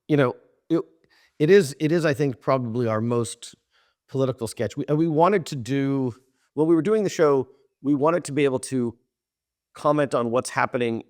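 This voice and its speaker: A middle-aged man recalls work stories as a podcast guest. His voice sits at an ordinary pitch, and he talks with bursts of animation, frequent laughter and plenty of false starts. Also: no echo, clean studio sound. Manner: animated, laughs often, many restarts and fillers. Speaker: TV director and writer, guest. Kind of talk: casual interview storytelling.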